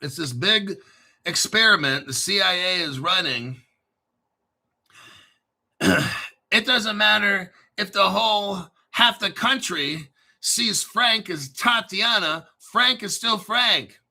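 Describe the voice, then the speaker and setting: A man hosting a crypto channel, delivering a profane, combative rant and often clearing his throat. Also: high-pitched, animated, slow pace, bright, forceful tone. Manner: profane, combative, boastful ranting. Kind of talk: ranting solo commentary.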